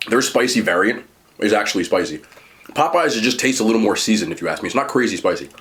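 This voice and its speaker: A man talking casually while eating and reviewing fast food, chatty and animated, pausing to chew. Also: lowish voice.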